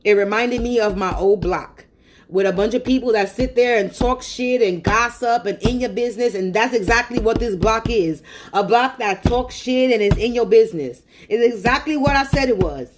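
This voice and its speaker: A woman's voice: on the high side, normal speed. A woman on a phone livestream, venting angrily in a profane, repetitive rant. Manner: angry, profane and repetitive ranting.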